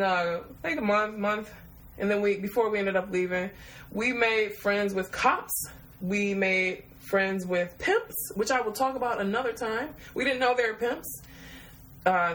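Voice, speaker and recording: A woman's voice: mid-range voice, fairly bright tone, poor audio. Profane, laughing woman telling a story. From Detroit, USA. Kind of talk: casual storytelling.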